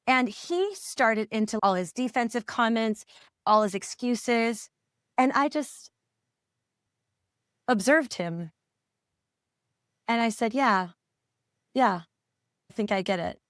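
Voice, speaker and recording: A middle-aged woman, a parent coach, telling a personal story as a podcast guest, reflective and halting, often restarting her sentences. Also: on the high side, dry recording, clean studio sound. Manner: reflective, halting, with frequent restarts and soft laughs.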